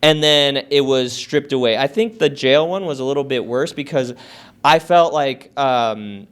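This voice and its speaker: A man in his thirties telling his story as a podcast guest, animated, swearing a lot and filling his talk with "like". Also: mid-range voice, unhurried, smooth. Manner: many fillers like "like" and "uh". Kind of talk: casual storytelling interview.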